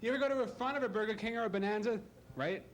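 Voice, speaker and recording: A man from Ohio doing a stand-up comedy routine, animated and slipping into silly voices for his bits. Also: high voice, rapid-fire. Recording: live club recording with audible crowd noise.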